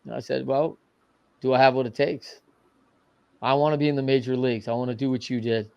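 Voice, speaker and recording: A middle-aged man telling a story as a podcast guest, animated and casual, often adding "man" and "right". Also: mid-range voice, brisk, creaky, clean tone, no room sound. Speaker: podcast guest, coach and entrepreneur. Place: podcast studio.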